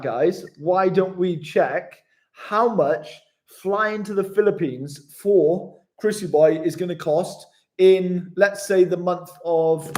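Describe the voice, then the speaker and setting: Chatty guy, slightly high voice. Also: slow pace, a little mellow. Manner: chatty, matey, reads out viewer comments. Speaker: travel vlogger. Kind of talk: casual live-stream chat.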